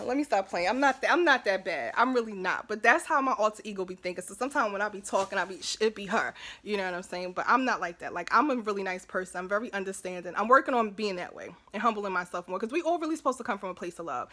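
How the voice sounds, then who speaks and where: A chatty woman vlogger talks straight to her viewers. Her voice is bright and clear at a middle pitch, and she keeps checking in with her listeners. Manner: chatty, repeats "you know what I'm saying", laughs often. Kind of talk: casual talking to camera.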